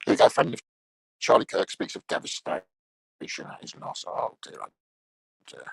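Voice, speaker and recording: A middle-aged man rambles through a live stream, swearing freely and mocking whatever he reads. His voice is gravelly and jumps around in pitch. The sound is dry and close. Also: huge pitch swings, moderate pace, no echo.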